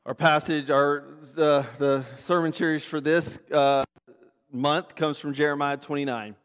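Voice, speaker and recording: Male pastor, higher-pitched voice, earnest sermon delivery with restarts, long church reverb. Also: steady tone, measured pace, a bit bright, clean tone. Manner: earnest, with frequent fillers and restarts. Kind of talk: sermon with prayer and scripture reading. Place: church sanctuary.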